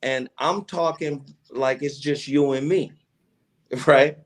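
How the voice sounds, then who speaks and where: Profane, animated storyteller man. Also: medium pitch, slow pace. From Chattanooga, Tennessee, USA. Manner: animated storyteller who acts out quoted dialogue, with slangy profanity. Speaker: radio personality and podcast guest. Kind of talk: casual storytelling interview.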